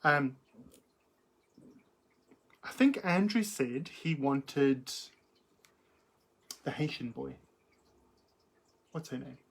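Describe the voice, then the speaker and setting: A woman's voice: very deep voice, lively intonation, extremely slow, creaky, long pauses, slight background noise. A middle-aged woman hosting a live chat, reading out viewer comments in a camp, theatrical, giggly manner. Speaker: livestream host.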